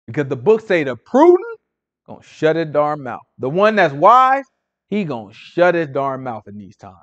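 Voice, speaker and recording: A man leading an informal Bible study, animated and preachy with a slangy, conversational way of talking. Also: fairly high pitch, moderate pace, lo-fi sound. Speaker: Bible teacher.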